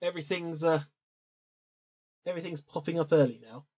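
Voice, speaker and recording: A game master narrating a tabletop game in an easygoing way, with many pauses and ums. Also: medium pitch. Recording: dull lo-fi recording.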